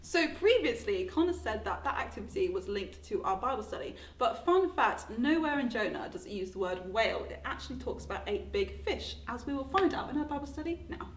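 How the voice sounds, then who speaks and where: A woman's voice: fairly high pitch, big pitch swings, a little fast, hardly any pauses, roomy sound, slight background noise. A woman co-hosting a casual youth-group video, giggly and easily shocked. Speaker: co-host. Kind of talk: casual chat.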